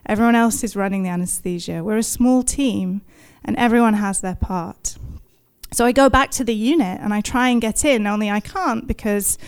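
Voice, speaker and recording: With a clean, mid-range voice at normal speed, a woman in her thirties shares her own story with an audience. She tells it in the present tense, vividly and with self-deprecation, often bursting into laughter.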